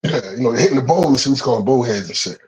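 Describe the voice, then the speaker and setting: A man telling stories in a casual, profane chat, animated and laughing often. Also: medium pitch, racing, over a noisy crowd, low-quality recording.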